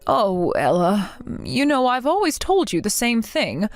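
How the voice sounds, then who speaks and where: A woman voicing a gentle middle-aged mother who talks in a soothing, reassuring way. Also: fairly high pitch, very animated, measured pace, no echo, faint music behind. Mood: tender.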